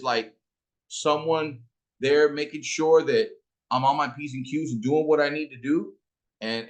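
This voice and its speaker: A man in his forties telling a personal story about his late mother, slow and emotional, with some street slang. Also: a little high, fairly bright tone. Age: 40s. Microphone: interview.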